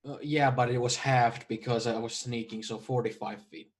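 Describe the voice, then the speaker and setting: A man playing a tabletop game, speaking in a relaxed, low-key way. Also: normal speed. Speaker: player.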